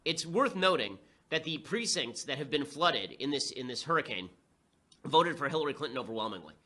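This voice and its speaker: Rapid-fire sarcastic male commentator. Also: on the high side, big pitch swings, sharp tone. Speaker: political commentator. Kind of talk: fast political commentary monologue.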